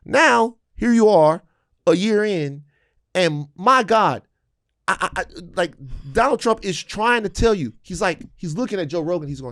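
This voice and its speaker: Man, podcast co-host, casual political chat, animated and profane, dry studio sound. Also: high voice, measured pace, no echo. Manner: animated, profane, acts out quotes.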